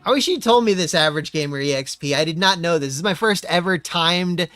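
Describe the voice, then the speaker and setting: A man streaming a racing game, commenting as he plays with constant profanity, exasperated ranting and sudden yelled outbursts. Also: on the high side, fast, no room sound. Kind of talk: live gameplay commentary.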